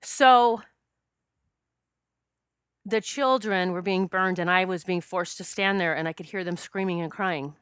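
A woman's voice: lowish voice, moderate pace, few pauses, fairly bright tone, clean tone, no echo, studio quality. A woman who works as a past life regression specialist, telling a personal story in an earnest, emotional way with many fillers and restarts, choking up at times. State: choked up at times.

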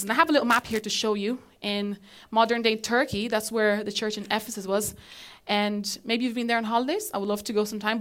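Woman, pastor, sermon, slightly high voice, conversational and animated, church congregation. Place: church hall, live congregation.

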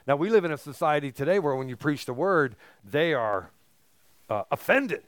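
A man preaching a sermon as pastor, emphatic, building to forceful peaks on key phrases. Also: fairly high pitch, animated, moderate pace, no room sound.

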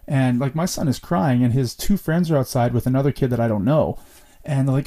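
A man's voice: mid-range voice, fairly quick, dark tone. A middle-aged man hosting a podcast, telling candid stories and swearing freely in casual chat. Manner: candid, profane storytelling. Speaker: podcast host.

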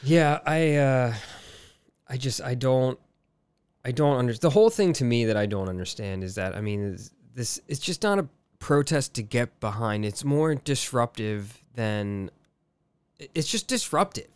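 A man's voice: mid-range voice, animated, measured pace, a little mellow, smooth, dry recording. Exasperated man ranting on a podcast. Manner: exasperated, rambling, frequent restarts and swearing. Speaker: podcast co-host. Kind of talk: casual podcast chat.

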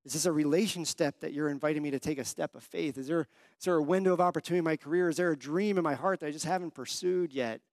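A young male pastor gives a conversational sermon in a fairly high, bright voice. He tells stories and asks his listeners questions. The sound is dry and close, with hardly any room echo. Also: fast talker.

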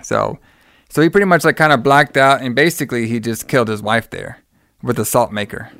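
A man's voice: medium pitch, a little fast, fairly bright tone, no room sound, clean studio sound. A man in casual chat, retelling the plot of a film in a rambling way and acting out lines, often saying "all right.". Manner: rambling retelling, acts out quotes, says "all right" a lot.

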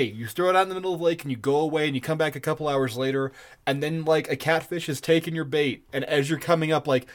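A man co-hosting a podcast in casual chat, excitable and rambling, laughing often. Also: fairly high pitch. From Colorado. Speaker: podcast co-host.

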